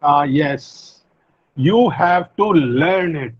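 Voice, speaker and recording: A man teaching pronunciation in an online class. He explains slowly, repeats key words and uses frequent fillers. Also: fairly high pitch, animated, highs cut off, slight background noise. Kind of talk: online English phonetics lecture. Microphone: video call.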